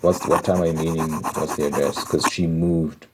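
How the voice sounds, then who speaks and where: Low-voiced guy doing an asmr ramble, venting all worked up, faint keyboard tapping behind. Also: moderate pace, noisy background. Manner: exasperated, animated storytelling with frequent restarts. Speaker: ASMR channel host.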